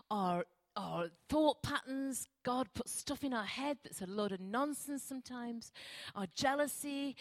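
An older woman preaching a sermon in church, animated and emphatic, repeating short phrases. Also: sits high, no room sound. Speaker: guest preacher.

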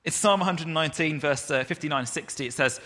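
Man, 30s, preacher, sermon, conversational, slightly high pitch, bright forceful tone, long hall reverb. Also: quick pace. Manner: conversational, self-deprecating storytelling. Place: church hall.

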